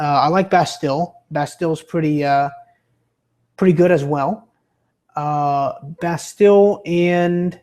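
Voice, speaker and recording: Young man, livestreamer, a bit high-pitched, sore throat, stammering, rambling, pitch wanders. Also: darkish tone. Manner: rambling, stammering, with many restarts; pitch fluctuates, drifting into a bouncy entertainer's voice. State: sore throat from being sick. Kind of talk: casual chat reading viewer comments.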